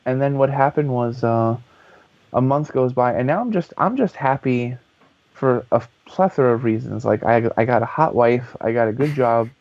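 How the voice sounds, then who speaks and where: A man guest on a podcast telling a story in a lively, casual way, swearing freely. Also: medium pitch, moderate pace, dry recording. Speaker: guest, author and voice actor. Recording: dull lo-fi podcast audio.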